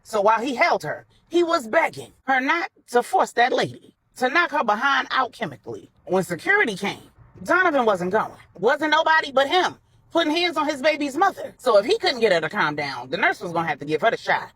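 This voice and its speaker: A woman narrating a grown-up bedtime story in a colloquial, animated way. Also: on the high side, a little fast, slight background noise, rough recording.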